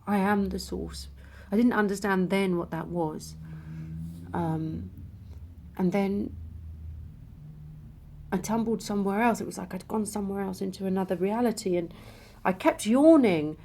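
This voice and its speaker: A woman vlogger telling a personal spiritual experience, in an emotional way with hushed passages. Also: mid-range voice, a little slow, slight background noise.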